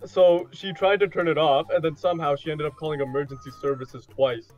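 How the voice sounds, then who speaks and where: A man's voice: a little high, steady tone, brisk. A young man animatedly telling a casual story, acting out quotes and swearing casually as he talks. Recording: dull lo-fi audio with faint music.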